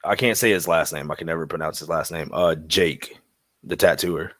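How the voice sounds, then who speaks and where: Deep-voiced man guessing, dry sound. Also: normal speed, a bit bright, no echo. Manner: swears casually, unsure, mumbling. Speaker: guest streamer. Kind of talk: casual chat.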